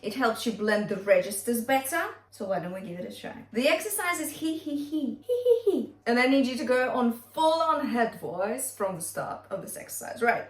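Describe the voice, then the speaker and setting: A woman singing teacher, leading a vocal warm-up, singing the exercises and giving quick encouraging cues. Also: fairly high pitch, sing-song, far from the mic. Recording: roomy sound from off the mic with piano. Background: piano accompaniment.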